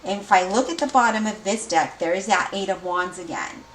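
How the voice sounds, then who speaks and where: Female tarot reader, lively and repetitive, roomy echo, slightly off-mic, faint room noise. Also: mid-range voice, fairly quick. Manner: energetic, repeats herself, speeds up with excitement. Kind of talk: tarot reading. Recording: echoey room, mic at a distance.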